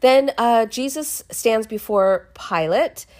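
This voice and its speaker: A woman casually retelling a Bible chapter in her own words, expressive and chatty, often restarting her sentences. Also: on the high side, slow. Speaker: podcast host reading the Bible.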